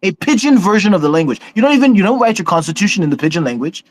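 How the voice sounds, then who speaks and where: Fiery, high-voiced man preaching scorn. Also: big pitch swings, very fast, no room sound. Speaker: speaker in an online discussion. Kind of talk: impassioned political speech.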